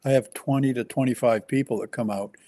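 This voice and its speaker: A man speaking as a pastor in a relaxed ministry conversation, pausing and restarting often as he describes his work. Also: medium pitch. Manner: halting, with many restarts and fillers.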